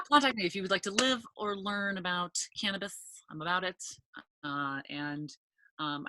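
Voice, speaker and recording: A woman telling a funny story in a casual chat, animated and loud when she acts out quotes, swearing freely. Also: lowish voice, no echo. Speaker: podcast guest, cannabis entrepreneur.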